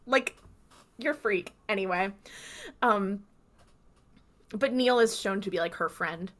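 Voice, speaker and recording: A woman's voice: medium pitch, fairly even intonation, moderate pace, pauses often, bright, forceful tone. A young woman co-hosting a podcast, chatting casually and retelling scenes by acting out the characters' lines. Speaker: podcast co-host. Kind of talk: casual recap chat.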